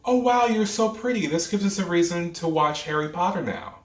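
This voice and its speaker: A man's voice: high-pitched, expressive, normal speed, recorded from a distance, pitched above the performer's own voice. A man voicing a starstruck young woman coworker who gushes over a guest. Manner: squealing fangirl gush. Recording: roomy echo, off-mic, faint music.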